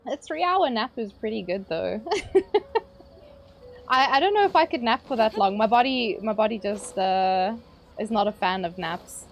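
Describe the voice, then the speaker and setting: Casting: bubbly South African woman streamer, slightly high voice, slow and easy delivery, faint music behind. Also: lively intonation, muffled recording. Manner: bubbly, giggly, greets chatters by name. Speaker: livestreamer. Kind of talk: casual chat with stream viewers.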